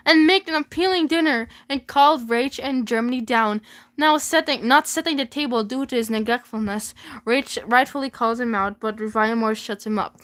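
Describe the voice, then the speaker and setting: A young woman reads her old fanfiction aloud, breaking into giggly disbelief. Her voice is high, and her delivery is slow and unhurried. She stays casual and self-mocking. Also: animated, fairly bright tone. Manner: giggly, incredulous commentary. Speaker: vlogger.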